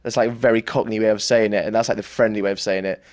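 A man's voice: lowish voice, steady tone, very fast, darkish tone, no room sound, clean studio sound. A British man, a guest telling cheeky stories playfully in casual interview chat. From United Kingdom.

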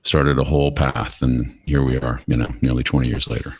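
A man's voice: a bass voice, flat delivery, a little fast, slightly rough. A middle-aged American man from the United States, talking candidly and chattily as a podcast guest, telling stories and acting out quoted dialogue. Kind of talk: casual interview storytelling.

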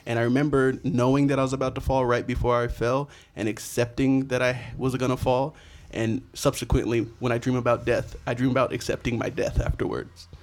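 A man's voice: mid-range voice, little pitch movement, brisk, few pauses. A man on a podcast, telling a story in an earnest, reflective way. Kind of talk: casual chat.

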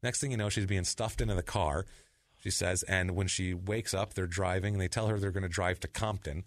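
A man's voice: low voice, fairly even intonation, a little fast, no echo, studio quality. A man hosting a podcast, retelling a crime story in a loose, casual, profane way with rambling asides. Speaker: podcast host.

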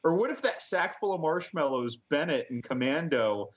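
Male podcast co-host, slightly high voice, meandering casual riffing. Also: expressive, normal speed, a little hiss or hum. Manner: rambling, hesitant, laughs at own riffs. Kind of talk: casual chat.

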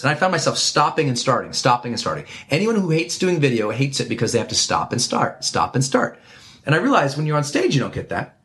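A man speaking as an interview guest, his voice sitting at an ordinary middle pitch. He talks emphatically and with animation, laying out advice and counting off his points one by one. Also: sing-song, fast talker, fairly bright tone. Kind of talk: energetic conversational advice.

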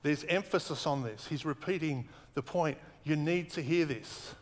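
A man preaching a sermon earnestly, slowing down and repeating words for emphasis. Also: fairly high pitch, in a large hall. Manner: earnest, emphatic repetition, slows for weight.

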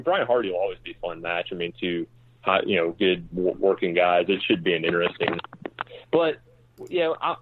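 A man with a fairly low voice gives his views on wrestling haltingly, restarting and filling often. He comes through a thin, phone-like line. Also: slight background noise. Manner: halting, many restarts and fillers. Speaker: podcast co-host. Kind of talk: casual wrestling discussion.

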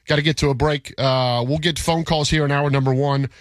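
A man's voice: fairly high pitch, fairly even intonation, fairly quick, no room sound. Emphatic male sports radio host. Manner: emphatic, repeats himself when pressing a point. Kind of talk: sports talk radio debate.

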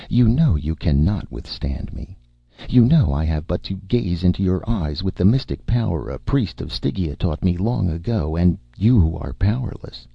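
Man doing a taunting, crooning sorceress princess; cruel and seductive, husky, dry storybook reading. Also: sits low, dry recording, lo-fi sound, pitched above the performer's own voice, heavily acted.

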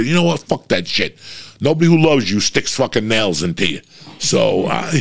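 Gravelly deep-voiced man, blunt and profane. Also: lively intonation, brisk. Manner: profane, blunt, rambling storytelling. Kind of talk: casual monologue to listeners.

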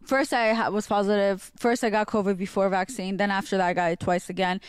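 A woman's voice: mid-range voice, steady tone, brisk, clear, resonant tone, no room sound. A woman guesting on a podcast who tells stories in a chatty, rambling way with fillers. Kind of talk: casual storytelling.

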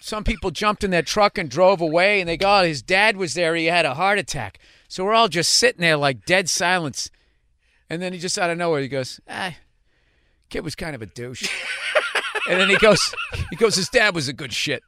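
A man's voice: high voice, moderate pace, sharp tone. A man hosting a casual conversation, telling stories with animation and casual swearing. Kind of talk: casual chat.

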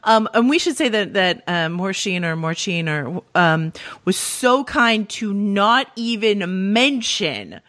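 A woman hosting a podcast in casual chat, telling stories in a lively, joking way. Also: medium pitch, slow, dry recording. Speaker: podcast host.

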